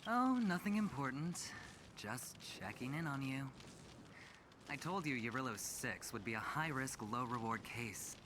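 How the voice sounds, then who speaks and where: A man's voice: mid-range voice, expressive, unhurried, noisy background, lightly acted. An actor playing a smug, teasing young male corporate gambler in a game. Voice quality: teasing, self-assured.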